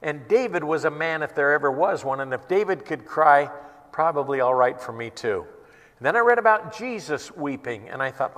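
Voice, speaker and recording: An earnest male pastor preaching in a church hall, his fairly high voice ringing with long reverb. He swings between hushed, tender lines and emphatic, pleading ones, acting out the quotes he gives. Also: lively intonation, normal speed. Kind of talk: sermon.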